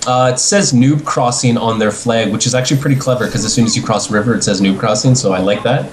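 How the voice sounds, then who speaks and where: A man doing casual play-by-play commentary on an esports match, excitable and quick to laugh. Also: mid-range voice, slight background noise. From Canada. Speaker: esports caster.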